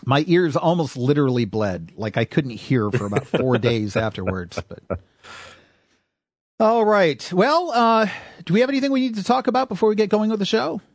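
A man's voice: fairly high pitch, sing-song, normal speed, no echo, studio quality. A man hosting a podcast in casual, upbeat, joking chat at a microphone. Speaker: podcast host. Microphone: studio microphone.

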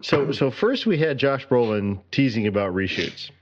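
A man's voice: medium pitch, animated, moderate pace. A man hosting a casual podcast chat, rambling with many restarts. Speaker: podcast host. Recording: dull lo-fi recording.

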